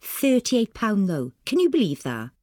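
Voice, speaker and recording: A woman's voice: mid-range voice, huge pitch swings, measured pace, a little mellow, no room sound, clean studio sound, voice pushed up. Woman doing a mother with an exaggerated Welsh accent. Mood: chatty. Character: chatty middle-aged mother.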